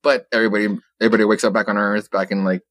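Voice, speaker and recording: Deep-voiced young man recapping comics casually. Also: level tone, rapid-fire, fairly bright tone, no room sound. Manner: rambling, profane, laughs often, quotes characters in passing. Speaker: podcast co-host.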